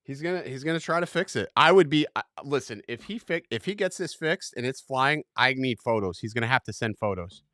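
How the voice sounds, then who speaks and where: A young man hosting a livestream in casual chat, rambling and self-mocking, quick to get fired up. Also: mid-range voice, expressive, a bit bright, no room sound, studio quality. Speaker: livestream host.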